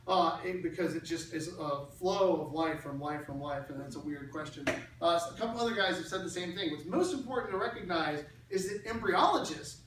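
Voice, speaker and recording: A middle-aged man gives an animated, persuasive lecture in a large church hall. He talks conversationally and circles back to key phrases for emphasis. The sound is distant and heavily echoed, with a faint hum of noise underneath. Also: sits high. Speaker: speaker.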